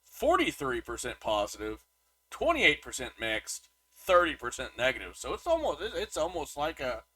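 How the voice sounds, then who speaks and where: A man's voice: on the high side, huge pitch swings, normal speed, bright, forceful tone, no room sound. A man co-hosting a podcast, chatting casually about a movie and reading reviews aloud, with lots of restarts. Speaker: podcast co-host.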